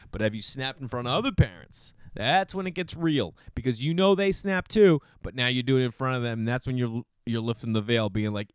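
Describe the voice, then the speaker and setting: A man in his thirties hosting a podcast, telling stories in a casual, animated monologue and slipping into mocking voices for the people he quotes. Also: medium pitch, a little fast, few pauses, smooth, no room sound, clean studio sound. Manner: animated storytelling, mimics voices. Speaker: podcast host.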